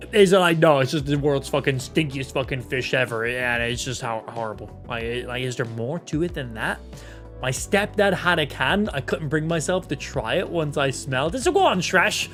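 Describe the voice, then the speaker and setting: A man's voice: a little high, moderate pace, a bit bright, faint music behind. A young Irish man in his twenties chatting casually on a live stream, swearing freely and reacting to chat. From Ireland. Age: 20s. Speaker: gaming streamer.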